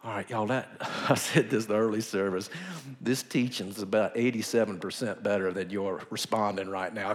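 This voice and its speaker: Animated preacher, emphatic storytelling. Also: male voice, on the low side, moderate pace, a little hiss or hum. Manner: animated, emphatic, acts out quotes in a whisper or shout. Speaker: pastor. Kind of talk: storytelling sermon.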